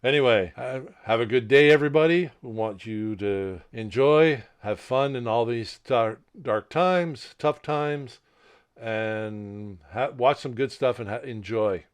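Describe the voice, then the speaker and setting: A man's voice: mid-range voice, unhurried, smooth. Rambling man co-hosting a podcast. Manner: rambling, repeats words as he restarts. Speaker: podcast co-host. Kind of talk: casual chat. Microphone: laptop mic.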